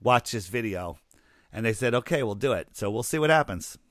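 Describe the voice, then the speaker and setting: A man's voice: fairly low pitch, lively intonation, brisk, a bit bright, no echo, studio quality. A man co-hosting a casual podcast chat, telling an anecdote and acting out the people in it. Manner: storytelling, acts out quoted people. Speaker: podcast co-host.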